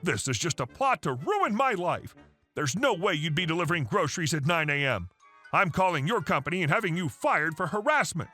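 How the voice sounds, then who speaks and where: A man voicing a screaming, entitled woman neighbor with a shrill, screeching delivery. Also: sing-song, fairly quick, sharp tone, soft background music, full character voice.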